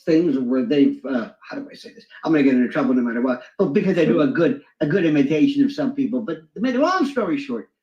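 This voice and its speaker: A man's voice: lively intonation, fast, few pauses, darkish tone. A man telling stories as a guest, often breaking into mimicking voices. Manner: swings into high mimicking voices. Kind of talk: animated storytelling with impressions. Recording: echoey, dull lo-fi sound.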